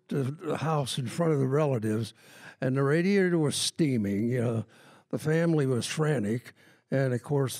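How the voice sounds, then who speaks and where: Slow, rambling older man telling a story. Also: medium pitch, a little mellow, no echo. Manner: rambling, unhurried anecdote with many fillers. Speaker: open mic performer. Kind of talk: storytelling before a song. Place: live open mic at a music event. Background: plucked autoharp playing.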